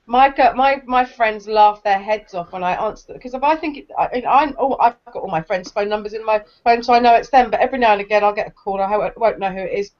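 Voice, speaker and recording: A woman's voice: medium pitch, fast, hardly any pauses. Chatty woman, lo-fi stream audio. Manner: chatty, laughs often, restarts sentences. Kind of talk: casual chat on a livestream.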